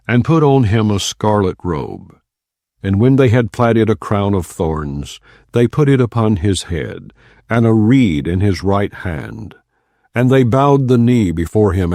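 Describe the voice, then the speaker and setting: A man reading scripture aloud in a solemn, measured way, reading the quoted speech plainly rather than acting it. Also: low voice, creaky, mellow, no echo, clean studio sound. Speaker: Bible reader.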